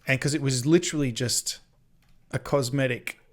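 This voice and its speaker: A man's voice: medium pitch, fairly even intonation, normal speed, a bit bright. A man co-hosting a podcast in casual chat, rambling and swearing freely, often correcting himself mid-sentence. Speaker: podcast co-host.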